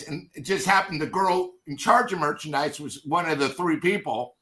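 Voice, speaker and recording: A man's voice: on the high side, normal speed, pushed and bright. A man on a sports podcast telling a brash, profane story and acting out both sides of the conversation. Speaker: panelist and season ticket holder. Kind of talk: animated anecdote on a sports podcast.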